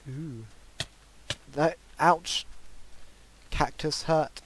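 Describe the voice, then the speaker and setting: A man commentating his own game play, breaking into excitable, panicky outbursts and repeated pleading. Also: fairly high pitch, drawn-out words, a little hiss or hum. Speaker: gaming channel host. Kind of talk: Minecraft let's play commentary.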